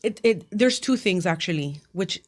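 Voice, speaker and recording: A woman guest in a casual interview, telling a personal story quickly and animatedly, sometimes acting out what people said. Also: on the low side, slight background noise. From Miami, United States. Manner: fast, animated storytelling with acted quotes. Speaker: interview guest, cancer patient.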